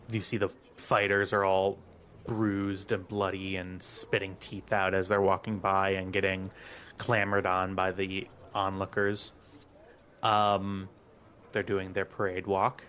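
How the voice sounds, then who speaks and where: A man narrating as game master of a tabletop game, unhurried, with many ums and casual asides. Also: lowish voice, a bit bright, slight background noise.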